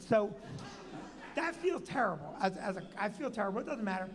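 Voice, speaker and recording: Animated New Jersey male host, storyteller who acts out quotes; reverberant hall. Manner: animated, acts out quotes with big pitch jumps. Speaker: comedian and show host. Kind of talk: storytelling on a live show.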